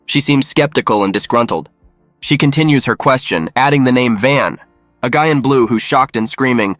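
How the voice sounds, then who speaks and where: A man reading a scripted story recap in an even, matter-of-fact way. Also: mid-range voice, moderate pace, no room sound, clean studio sound, soft background music. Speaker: narrator. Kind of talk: scripted narration.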